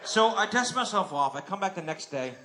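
A man performs a stand-up set, telling a profane story and snapping into quick bits of dialogue. His voice sits a little higher than most men's. A faint hum of room sound runs under him. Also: expressive, a bit bright. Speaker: stand-up comedian. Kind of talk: stand-up routine.

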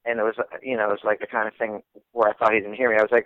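A man, a guest comedian, telling a story in casual, animated talk, swearing freely and acting out the people in it. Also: lowish voice, racing, dry recording, lo-fi sound.

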